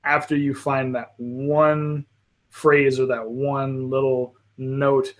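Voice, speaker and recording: A man hosting a live panel in casual chat, rambling with frequent restarts and quick apologetic asides. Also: mid-range voice, little pitch movement. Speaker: panel host.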